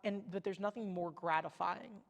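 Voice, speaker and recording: A young woman, a former college softball pitcher and podcast guest, talking casually and telling stories with lots of "like" fillers. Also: normal speed, vocal fry. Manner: chatty, lots of "like" fillers, lively storytelling. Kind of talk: casual chat. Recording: long echoey reverb.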